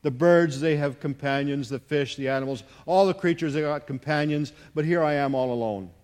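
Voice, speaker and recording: A man's voice: on the high side, brisk, darkish tone, clear, resonant tone, natural voice. A man voicing Adam in a joke as a lonely, naive young man who is plaintive and eager.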